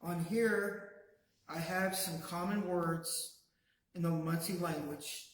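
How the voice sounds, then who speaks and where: A man's voice: high voice, fairly even intonation, slight background noise. Man teaching words in a very echoey room. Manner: slow and patient, says words for the class to repeat. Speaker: language teacher. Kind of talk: classroom language lesson. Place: classroom, also streamed to a video call.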